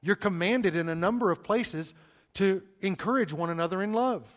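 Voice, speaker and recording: A man's voice: sits high, normal speed. A middle-aged male pastor preaching a sermon, emphatic and urgent, often repeating words as he speeds up.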